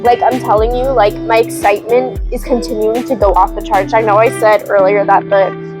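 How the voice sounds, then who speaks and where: A woman giving casual, excitable reading updates as a book vlogger, gushing and often giggling. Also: medium pitch, normal speed, over music, rough recording.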